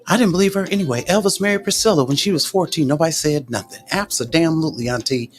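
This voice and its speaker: A woman's voice: low voice, fast, soft background music. A woman doing casual livestream commentary, sassy and indignant, answering viewers' comments. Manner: animated, sassy and indignant, talks back to viewers.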